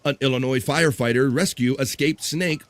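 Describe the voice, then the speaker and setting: A man's voice: medium pitch, normal speed, dry recording. A man hosting a casual live stream, chatting, laughing often and reading viewers' comments aloud.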